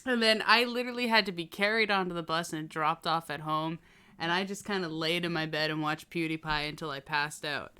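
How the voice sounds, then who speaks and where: A woman with a bright, crisp voice tells a story on a casual podcast. She keeps breaking into laughter between phrases, and her delivery stays smooth and forward. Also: lowish voice. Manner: laughs often while telling a story. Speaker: podcast co-host.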